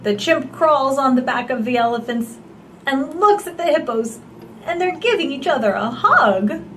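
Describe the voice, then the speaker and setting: A woman's voice: sits high, expressive, moderate pace, background noise. A woman reading a picture book aloud to small children, with gasps, an exaggerated delivery and coaxing questions to the child. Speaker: storyteller for babies and toddlers.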